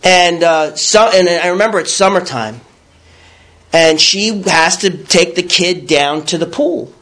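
Male speaker with a high voice giving a frank, animated recovery testimony. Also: measured pace. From New York. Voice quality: raw, blunt storytelling with crude words. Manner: animated, acts out his own past thoughts. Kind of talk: candid personal testimony.

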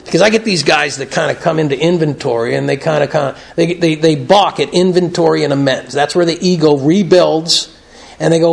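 A gravelly, earnest man with a fairly high pitch and fairly quick delivery tells stories in a plain-spoken way. He's a speaker at a recovery meeting, talking conversationally in a meeting room at an evening gathering.

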